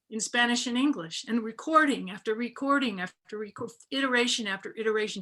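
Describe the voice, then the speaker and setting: Woman, slightly high voice, book artist on a video panel, reflective, halting with fillers. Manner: reflective, many fillers and restarts, animated when storytelling. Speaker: book artist giving a talk. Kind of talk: conversational panel talk over video.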